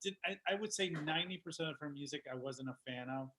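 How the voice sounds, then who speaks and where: A man's voice: fairly high pitch, fast talker, pushed and bright, a little hiss or hum. A man co-hosting a podcast, chatting casually in a dry, teasing way. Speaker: podcast co-host. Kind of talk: casual chat.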